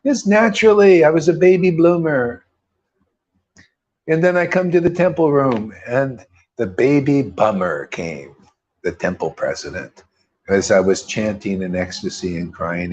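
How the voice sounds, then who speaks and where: A man's voice: medium pitch, unhurried, a little mellow, muffled recording. A man giving a casual, rambling devotional talk with a laid-back manner, often tossing in "man". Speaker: devotional speaker.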